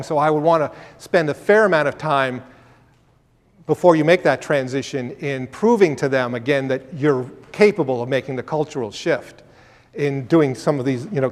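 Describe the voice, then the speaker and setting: A man with a slightly high voice fields audience questions at a career talk. He is emphatic and conversational and often restarts a phrase mid-thought. His voice carries a long reverb, like a lecture hall. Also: a little mellow. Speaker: career workshop speaker.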